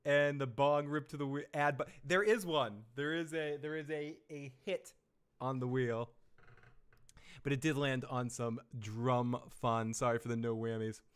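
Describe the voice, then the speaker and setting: A man's voice: mid-range voice, steady tone, a little slow, smooth. A man hosting a casual live stream, rambling and joking as he reads viewer messages and laughs often. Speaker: live stream host reviewing a TV episode.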